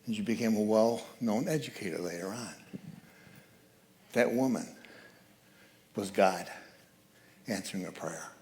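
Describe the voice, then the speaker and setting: A man giving a sermon as guest speaker at a church, telling a story with lively changes of voice. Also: lowish voice, unhurried, long pauses. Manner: animated storyteller, acts out quoted voices. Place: church sanctuary.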